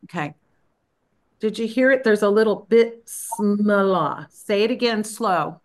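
A woman leading a group practice on a video call, speaking in a gentle, unhurried and encouraging way. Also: medium pitch. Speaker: spiritual practice leader. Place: Florida.

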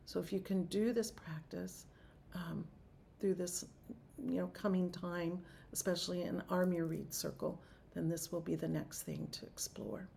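Woman, Sufi teacher, soft-spoken and unhurried, gravelly edge, faint background noise. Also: fairly low pitch, steady tone. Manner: slow, soft-spoken, drawn-out intoned chanting. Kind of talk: guided chanting practice.

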